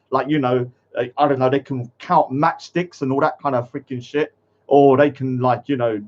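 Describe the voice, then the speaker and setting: A man hosting a casual livestream talks bluntly to his chat, scolding them, swearing at them, and mock-taunting them. His voice is medium-pitched and a little mellow, and the stream audio is dull and lo-fi.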